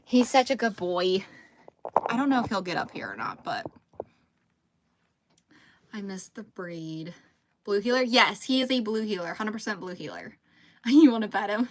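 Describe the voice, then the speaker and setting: A woman's voice: medium pitch, lively intonation, normal speed, long pauses, slight background noise. A woman, chatting casually on a livestream at home while she crochets. She rambles, reads out viewer comments and talks to her dog. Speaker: livestream host.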